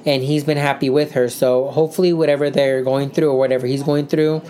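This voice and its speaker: A woman's voice: rumbling low, steady tone, a little fast, dark tone. A woman co-hosting a casual podcast, chatty and rambling as she recaps news. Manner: chatty, rambling, many fillers. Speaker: co-host.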